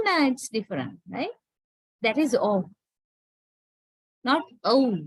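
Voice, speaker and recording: A woman from Sri Lanka teaches an online English class, speaking slowly and patiently. Her voice sits a little high and sounds close and dry, with no room around it. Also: husky, dry recording, rough recording. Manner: slow, patient, checks with rising "right?". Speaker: English lecturer.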